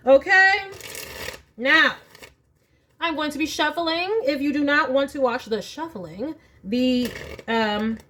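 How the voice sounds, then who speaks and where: Woman, tarot reader, casual musing chat, slightly high pitch, light background noise. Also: slow pace, bright, forceful tone. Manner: chatty, thinking aloud while shuffling and drawing cards. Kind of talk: casual card-reading chat. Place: home.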